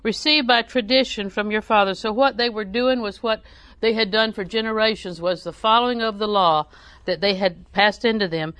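A woman's voice: medium pitch, moderate pace, fairly bright tone, clear, resonant tone, no echo. A woman preaching a sermon, reading scripture aloud and telling folksy family stories.

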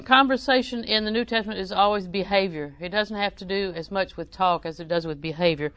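A woman's voice: mid-range voice, a little fast, a bit bright, smooth, no room sound. Folksy woman preaching a sermon, dry sound. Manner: folksy storytelling with scripture reading.

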